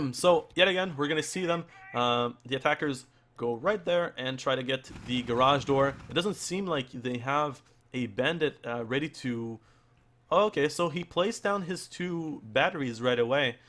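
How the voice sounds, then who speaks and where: A male esports caster calls the action live in a hoarse, worn voice, his pitch sitting at an everyday middle. He stumbles over words and restarts his sentences often. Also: a bit bright. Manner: halting, with frequent restarts and fillers. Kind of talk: live play-by-play commentary.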